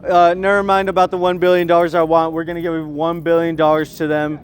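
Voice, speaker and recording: A man's voice: on the high side, little pitch movement, brisk, slight background noise, lightly acted. A young man impersonating a boastful, blustering older male politician in a rambling voice.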